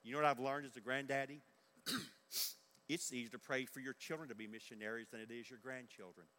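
A man's voice: mid-range voice, fairly even intonation, fairly quick, sharp tone. An older man preaching a sermon in earnest, repeating his key questions for emphasis. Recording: echoey large hall.

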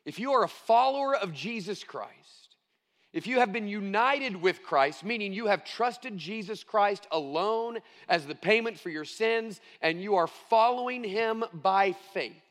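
A middle-aged male pastor preaching a sermon, earnest and emphatic, stressing key phrases slowly. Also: sits high, lively intonation, a bit bright, long reverb tail.

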